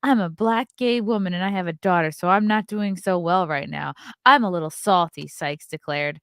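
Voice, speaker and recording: A woman's voice: on the low side, normal speed, a bit bright, smooth, dry recording, clean studio sound. A woman hosting her own show, reading news stories aloud and breaking off for sarcastic, profane, scornful asides. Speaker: host.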